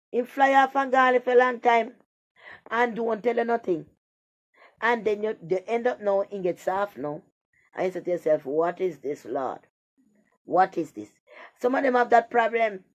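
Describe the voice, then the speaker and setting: A woman's voice: medium pitch, a little mellow, muffled recording. A woman talking bluntly in a rambling, profane casual monologue.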